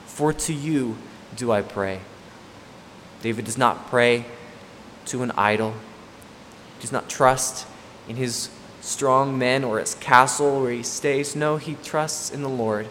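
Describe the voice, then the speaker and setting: A man's voice: mid-range voice, takes it slowly, fairly bright tone. Emphatic male preacher in echoing hall. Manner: emphatic, repeats key points. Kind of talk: expository sermon. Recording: long hall reverb, faint room noise.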